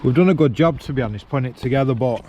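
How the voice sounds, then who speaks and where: The recording is muffled, with slight background noise, as a man of medium pitch races through his words in a dark tone. He's a car vlogger working on a car at a roadside, chatting bluntly and swearing to a handheld camera on a gimbal.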